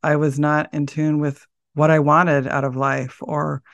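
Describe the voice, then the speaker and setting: Soft-spoken reflective middle-aged woman. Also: low voice, level tone, unhurried, creaky, no room sound, muffled recording. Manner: thoughtful, searching for words, soft-spoken. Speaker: podcast guest. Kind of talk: reflective interview talk.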